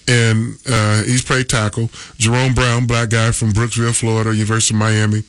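A man's voice: lowish voice, dry recording. A man in his fifties, a former football player, telling stories casually on a sports radio show, rambling with fillers and chuckling often.

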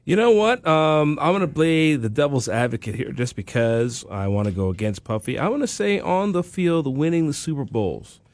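Man, podcast co-host, playful debater, animated pitch, dry mic. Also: normal speed, hardly any pauses, no room sound. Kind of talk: casual chat.

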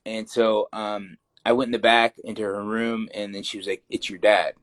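Relaxed young man, low voice, rambling. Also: normal speed. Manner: loose, rambling, heavy fillers. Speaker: interview guest, fighter. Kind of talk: casual interview talk.

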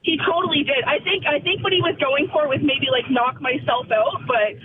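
A man's voice: very high-pitched, moderate pace. A male caller phoning into a radio show, easygoing and amused as he tells a story. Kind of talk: phone-in anecdote. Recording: tinny phone line with crowd noise.

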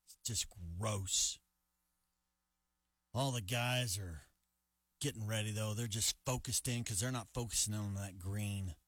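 A man's voice: on the low side, steady tone, unhurried, long pauses, fairly bright tone, no room sound, clean studio sound. A man co-hosting a morning show, telling a story in a laid-back, self-mocking way. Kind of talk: casual storytelling banter.

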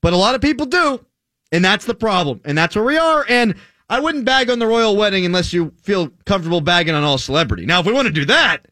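An American man hosts a casual chat in a high, very lively voice. His tone is bright and forceful, and he argues in an animated, opinionated way. The recording is dry and close. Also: fast, no echo. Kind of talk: casual talk-show chat.

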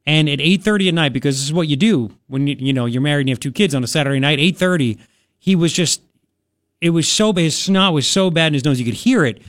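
Radio host, male, thirties, chatty and rambling, a touch high-pitched, dry studio sound. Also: animated, quick pace, fairly bright tone, no echo. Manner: rambling, chatty, lots of restarts and fillers. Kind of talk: casual talk radio monologue.

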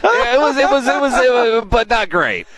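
A man's voice: very high-pitched, expressive, moderate pace, fairly bright tone. A man hosting a sports radio show, chatting casually with restarts and laughs. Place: radio row at a large event.

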